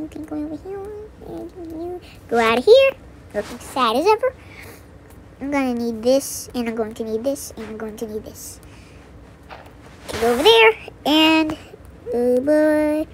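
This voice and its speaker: A woman's voice: high voice, a little hiss or hum. A woman chatting playfully while commenting on her gameplay, often repeating words and dropping into whispered asides. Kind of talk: casual let's-play commentary.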